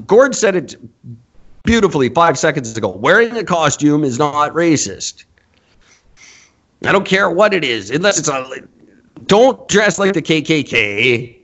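A man's voice: fairly high pitch, a bit bright. A man hosting a podcast, ranting bluntly and profanely in casual talk and laughing often. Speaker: podcast host. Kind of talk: casual comedic rant.

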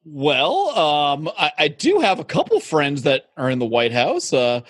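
A man putting on a laid-back, clueless ex-candidate with a lazy Southern drawl. His pitch rolls up and down widely, and the voice is husky and dry, recorded close for a comedy podcast. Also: huge pitch swings, measured pace, no room sound, exaggerated voice. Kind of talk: comedy podcast role-play.

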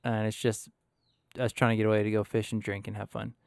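A man's voice: on the low side, level tone, a little fast, creaky, a little mellow, clean tone, no room sound. Laughing, rambling man host, dry sound. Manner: laughing storyteller, loose and rambling. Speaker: podcast host. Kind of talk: casual chat.

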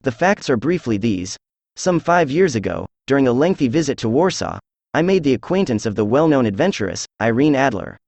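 A man's voice: mid-range voice, a little fast, no room sound. A synthetic man voicing a proud masked king. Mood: formal. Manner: flat synthetic reading of the king's lines. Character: proud masked Bohemian king, tall and anxious. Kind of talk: text-to-speech audiobook dialogue.

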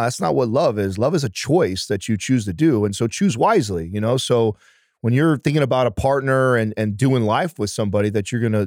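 A man of ordinary pitch talks as a podcast guest, earnest and emphatic, with a casual swear thrown in. His voice sits close to the mic in a dry, dead room. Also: darkish tone, no echo. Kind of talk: casual conversation.

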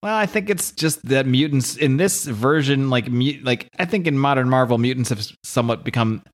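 A man co-hosting a casual podcast, adding measured, thoughtful asides and soft laughs. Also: mid-range voice. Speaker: podcast co-host. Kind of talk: casual chat commentary.

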